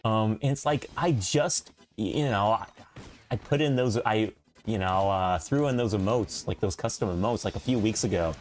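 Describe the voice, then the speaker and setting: A man chatting casually on a live stream, rambling with fillers and often laughing, his voice leaping up high whenever he gets excited. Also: normal speed, faint music behind.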